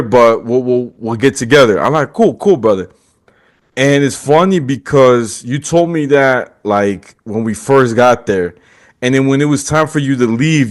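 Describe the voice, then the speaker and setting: Young guy hosting a podcast, telling a story all lively, laughs a lot, does the voices. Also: medium pitch. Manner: animated, laughs often, acts out quotes. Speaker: podcast host. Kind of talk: casual storytelling.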